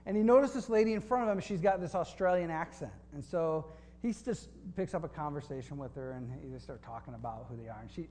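A man's voice: on the high side, darkish tone. A man preaching a sermon, telling a story with dry humor and reading scripture aloud in a conversational way. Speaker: pastor.

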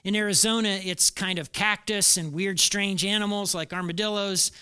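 Male pastor, middle-aged, bright and crisp, chatty sermon delivery with repeated lines. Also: high-pitched, steady tone, moderate pace. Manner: conversational preaching, repeats key phrases for emphasis.

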